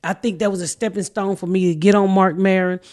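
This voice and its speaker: A middle-aged woman, hosting a podcast and telling profane, animated stories in casual chat. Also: mid-range voice, quick pace. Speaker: podcast host and comedian.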